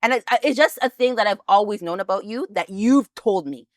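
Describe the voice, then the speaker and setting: On a couples podcast, this co-host speaks casually in an expressive, mid-range voice at a fairly quick pace. The studio-quality recording has no room sound. She's insistent about her point and keeps restarting her sentences as she explains.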